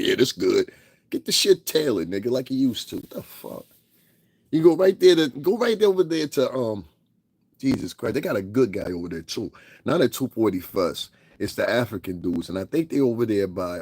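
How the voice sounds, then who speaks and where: A man's voice: medium pitch, a little mellow, slightly rough, no room sound. A man giving a profane, casual rant, laughing and mocking people with impressions. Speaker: commentary vlogger.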